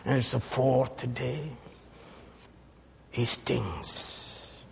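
Gravelly preacher with dramatic swings. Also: male voice, medium pitch, expressive, very slow, pauses often. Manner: dramatic swings from hushed to shouting. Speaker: pastor. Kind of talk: sermon.

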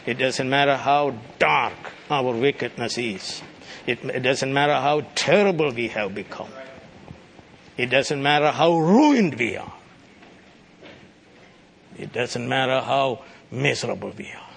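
A man preaching a sermon, breaking into sudden loud, high exclamations. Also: animated, unhurried, gravelly, long pauses, a little hiss or hum. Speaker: pastor.

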